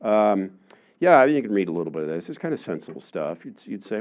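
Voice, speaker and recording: A man giving a public lecture in a relaxed, conversational way, with many fillers, often acting out the voices of the people he quotes. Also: on the low side, fairly quick, highs cut off. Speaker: university lecturer. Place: lecture room.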